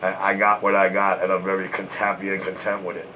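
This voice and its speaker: Man, low voice, flat delivery, taunting, boastful, breathless from smoking. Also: quick pace, a little hiss or hum, low-quality recording. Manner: taunting, repetitive, laughs. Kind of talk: boastful trash talk.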